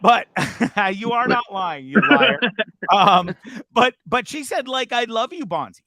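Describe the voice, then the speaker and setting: A man hosting a casual online show, telling a bar story with animated, laughing, bro-ish banter. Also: sits high, slow pace, crowd noise. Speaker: host.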